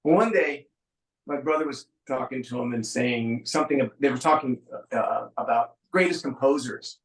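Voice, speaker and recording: A middle-aged man from San Francisco talks through family memories in a relaxed, rambling way with a dry wit. His voice sits at an ordinary middle pitch. The room around him rings with noticeable echo. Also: normal speed. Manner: relaxed storyteller, dry humor, frequent ums. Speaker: musician guest. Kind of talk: casual interview chat.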